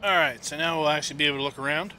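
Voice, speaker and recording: Bright-voiced chatty man streaming a game. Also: on the high side, fairly even intonation, racing, a little hiss or hum. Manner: rambling, chatty, with many fillers. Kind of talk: casual gameplay chat and storytelling.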